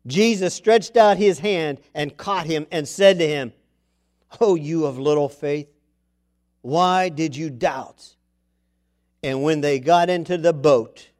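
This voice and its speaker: Middle-aged male preacher, high voice, slow measured delivery, swings between loud and soft. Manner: animated, with sudden loud bursts and soft drops; slows down to read scripture aloud. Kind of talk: sermon.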